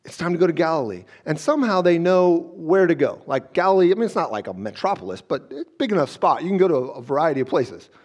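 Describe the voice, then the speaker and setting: A man's voice: fairly high pitch, big pitch swings, quick pace, few pauses. A male pastor giving a conversational sermon, often checking in with "okay?" and acting out scenes as he goes. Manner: conversational, frequent "okay?" check-ins and restarts.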